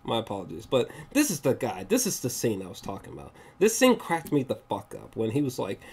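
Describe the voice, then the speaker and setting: A man's voice: medium pitch, huge pitch swings, fairly quick, a little mellow, breathy edge. A man giving a casual, rambling movie review, swearing often and acting out scenes in raised voices. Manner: rambling, swears often, searches for pictures mid-talk.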